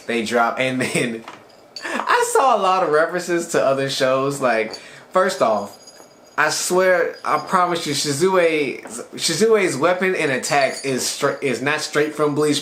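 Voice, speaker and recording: A man retells an anime episode in a loose, excited, conversational way, as a channel reviewer. The room sounds echoey, and a faint background noise sits under his voice. His pitch is mid-range for a man. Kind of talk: casual episode recap.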